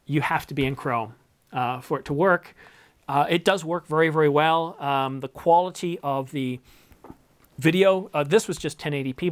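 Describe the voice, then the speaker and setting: A middle-aged man from Canada, casually answering viewer questions on his filmmaking channel, rambling and correcting himself with dry little jokes. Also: fairly high pitch. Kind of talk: casual Q&A monologue.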